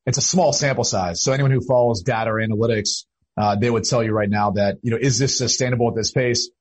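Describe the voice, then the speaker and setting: Husky-voiced man breaking down football. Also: mid-range voice, poor audio. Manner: measured, explanatory, many uh fillers. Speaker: football analyst guest. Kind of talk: casual analytical talk.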